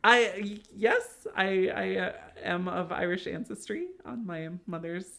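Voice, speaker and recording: A man's voice: high-pitched, unhurried, vocal fry, pushed and bright. Rambling man telling travel stories. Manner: rambling, self-deprecating storyteller; laughs often between phrases. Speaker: podcast co-host. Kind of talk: casual chat.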